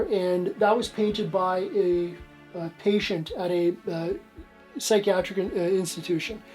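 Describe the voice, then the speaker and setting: A man's voice: sits high, a little mellow, rough recording. Rambling man giving a tour. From Canada. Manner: rambling, lots of "like" and restarts. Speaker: museum owner giving a tour. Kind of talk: casual storytelling tour.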